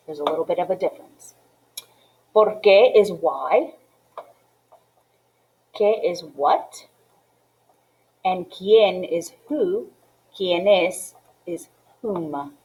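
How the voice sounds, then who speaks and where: A woman teaching a class in a patient, step-by-step way. Her voice sits slightly low, and she keeps checking in with "okay?" and "right?" as she goes. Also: drawn-out words, pauses often, a little mellow, rough recording. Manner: mixes English with Spanish phrases. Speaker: Spanish teacher. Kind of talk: classroom lesson walkthrough.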